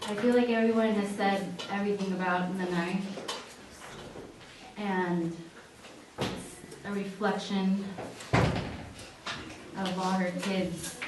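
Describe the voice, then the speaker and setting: A woman's voice: mid-range voice, fairly even intonation. Echoey young woman giving a eulogy. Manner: halting, with many fillers and restarts. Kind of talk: eulogy at a memorial viewing. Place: memorial viewing hall. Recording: echoey hall, from far off, faint noise.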